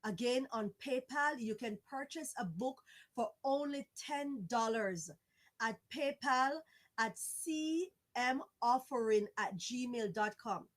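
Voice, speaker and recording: A woman's voice: on the high side, slow pace. A middle-aged woman from Jamaica, making a pleading, repetitive fundraising appeal in a church-style exhortation. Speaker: fundraising campaigner.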